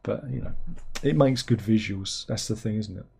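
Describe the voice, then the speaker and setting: A man hosting a livestream, rambling sardonically through viewers' comments with sudden incredulous squeaks. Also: moderate pace, gravelly, darkish tone, breathy edge. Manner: rambling, sardonic, with incredulous high-pitched outbursts. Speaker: livestream host reading chat. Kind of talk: casual chat.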